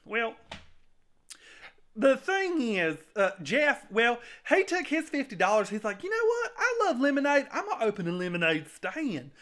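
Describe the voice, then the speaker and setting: A man's voice: very high voice, wildly swooping pitch, normal speed, a bit bright, full character voice. A man playing a sheepish servant who rambles chattily through his story in a comedic skit interview, saying y'all. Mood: rambling. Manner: folksy, says y'all.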